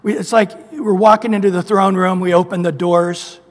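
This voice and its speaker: Male preacher with a high voice, animated sermon delivery, recorded in an echoey hall. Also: moderate pace. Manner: animated storytelling with scripture citations.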